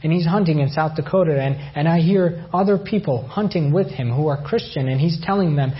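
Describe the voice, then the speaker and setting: A man's voice: fairly high pitch, fairly quick, highs cut off. A man from Iran giving a personal faith testimony, telling his story with emotion and repeated phrases. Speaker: testimony speaker.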